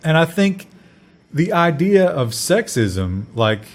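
An American podcast co-host chats casually about the news, tossing in wry, joking asides. His voice is fairly high and sing-song, and he speaks slowly.

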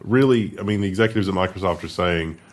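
A man co-hosting a casual tech news chat, wry and quick to laugh, with sarcastic asides. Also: low voice. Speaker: co-host.

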